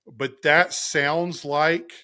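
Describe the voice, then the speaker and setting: A man co-hosting a podcast, retelling scripture stories in a casual, animated way and acting out the lines. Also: on the high side, very slow. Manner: animated storyteller, acts out quotes, laughs often. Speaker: podcast co-host.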